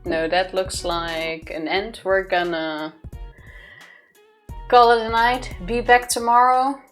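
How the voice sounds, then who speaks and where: A woman's voice: mid-range voice, takes it slowly, faint music behind. A woman co-hosting a let's play in casual chat, teasing dryly and laughing often.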